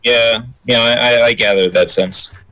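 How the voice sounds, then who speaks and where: A man's voice: medium pitch, fairly even intonation, unhurried, pushed and bright, clean tone, no room sound, low-quality recording. A man playing in a tabletop game, cocky and hamming up his taunts. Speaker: player. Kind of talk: casual tabletop play.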